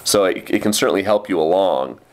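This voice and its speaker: A young man with a fairly low voice rambles through a casual vlog about his day teaching English. He talks loosely, full of fillers and little asides. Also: a little fast. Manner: chatty, with many fillers and quoted kid voices.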